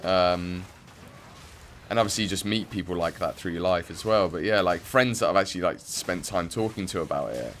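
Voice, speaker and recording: A man's voice: low-pitched, moderate pace, fairly bright tone, a little hiss or hum. A young English man from the Midlands chatting casually and rambling with many fillers while he plays a game on stream. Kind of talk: casual chat while playing.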